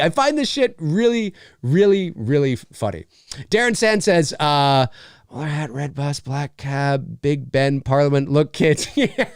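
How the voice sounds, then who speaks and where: A man hosting a casual live stream, chatting in an animated way with many fillers and mock voices. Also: on the high side, dry recording, studio quality. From Canada. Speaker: live show host answering questions.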